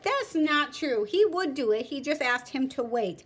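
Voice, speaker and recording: A woman teacher reading a story aloud to her students, expressive, stopping to explain words. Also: high voice, a little slow, hardly any pauses.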